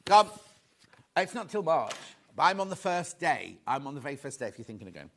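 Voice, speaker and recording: A man presenting a live shopping show, chatty and excitable, rambling to the crew and viewers between sales. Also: on the high side, fairly quick, slight background noise. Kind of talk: live selling chat.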